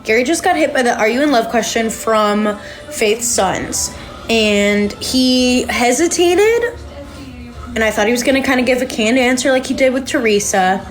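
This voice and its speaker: Faint music plays behind a woman hosting a podcast, where she recaps a reality show in a casual, chatty way, reacting aloud as she watches. Her voice runs on the high side and fairly quick, loaded with filler words and frequent "like"s.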